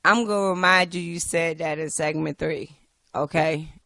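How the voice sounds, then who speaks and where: A woman hosting a podcast, talking in an impassioned, profane way that swings between quiet and loud. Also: deep voice, fairly even intonation, moderate pace, dry recording. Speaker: podcast host. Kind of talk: casual political chat.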